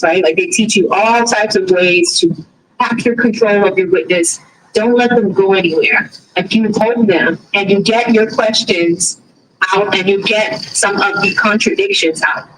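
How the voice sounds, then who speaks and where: A woman's voice: mid-range voice, unhurried, noisy background. A woman from Boston with a Boston accent, hosting a livestream in a chatty, rambling style full of fillers and restarts. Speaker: livestream host. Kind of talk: casual livestream commentary.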